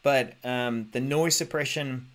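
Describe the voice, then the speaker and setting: A man's voice: mid-range voice, fairly even intonation, a little slow, fairly bright tone. Male podcast host, easygoing tech rundown into a desk mic, loose and full of ums. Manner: chatty, many ums and restarts, thinks aloud. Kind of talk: casual tech news commentary.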